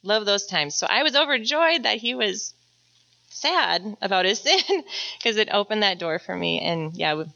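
A woman's voice: medium pitch, animated, moderate pace, vocal fry, muffled recording. Earnest woman sharing a church testimony. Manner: earnest, gentle, with many fillers and soft laughs. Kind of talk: prepared talk to a church group.

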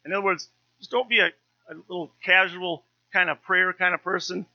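This is a pastor in his fifties preaching a sermon, his high voice keeping a fairly even intonation at normal speed. He tells stories conversationally with touches of humour. The recording is muffled but has no echo.

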